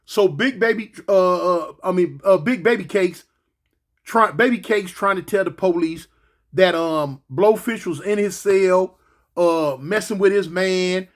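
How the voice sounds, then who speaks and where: A man telling a lively story, repeating phrases and making sound effects. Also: sits high, unhurried. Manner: animated, repetitive, sound effects.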